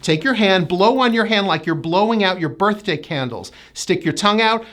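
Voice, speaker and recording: An American woman with a medium-pitched, animated and fairly bright voice works as a pronunciation coach. During the lesson she enunciates slowly and with exaggeration, lengthening sounds and carefully repeating words as drills.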